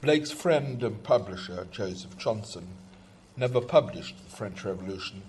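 Man, low voice, hesitant, many ums, faint hiss behind. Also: expressive, moderate pace, darkish tone. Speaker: speaker introducing poems. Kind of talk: conversational talk.

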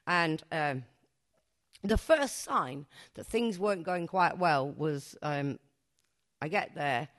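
A woman's voice: low voice, lively intonation, slow, fairly bright tone. A woman, telling a comic true story on stage to a live audience, chatty and self-mocking, swearing freely. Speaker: performance poet.

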